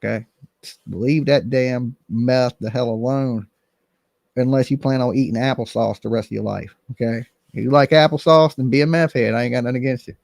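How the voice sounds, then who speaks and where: A man's voice: mid-range voice, steady tone, a little fast, vocal fry, a little mellow, no room sound, clean studio sound. A man hosting a casual commentary stream, blunt and rambling, swearing freely. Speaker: channel host.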